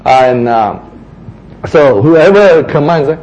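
A man preaching a sermon, acting out quotes, sometimes shouting and then dropping to a hush. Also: on the high side, slow, highs cut off, a little hiss or hum. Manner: animated, acts out quotes, shouts and drops to a hush.

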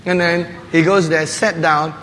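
A man preaching a sermon, telling a lively story with laughs and playful barking sounds. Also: on the high side, unhurried, a little hiss or hum. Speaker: pastor. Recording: long hall reverb with faint ambience.

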